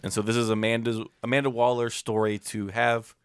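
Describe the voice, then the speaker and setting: A man's voice: mid-range voice, flat delivery, brisk, smooth, no echo, studio quality. A man co-hosting a comics podcast, chatting casually and laughing often as he loosely recaps a story. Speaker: podcast co-host. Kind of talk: casual chat.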